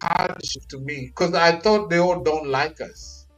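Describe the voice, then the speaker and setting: A man from Kenya tells stories in a relaxed chat, his voice sitting a little high. He talks in an animated way and often repeats his words. Soft music plays faintly under him. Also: unhurried, rough recording. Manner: animated storytelling, repeats phrases. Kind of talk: casual chat.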